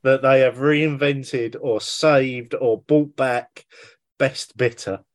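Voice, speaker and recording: A man's voice: medium pitch, slow pace. Easygoing male podcast host. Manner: relaxed, reads out plugs with casual swearing. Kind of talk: casual podcast hosting.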